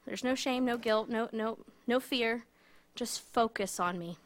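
A woman voicing a gentle, reassuring male teacher who speaks softly and calmly, in a storytelling lesson. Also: on the high side, measured pace, close to an everyday voice. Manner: soft, calm, comforting.

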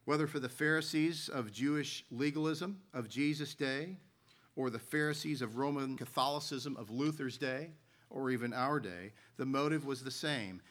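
A man's voice: medium pitch, moderate pace, a bit bright. A man preaching a sermon as a pastor, telling stories and reading scripture aloud in an earnest way.

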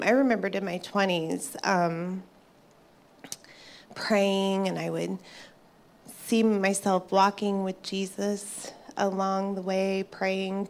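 Earnest and reflective, a woman in her fifties shares her personal faith testimony with an audience, pausing and starting over at times. Her mid-range voice carries some vocal fry.

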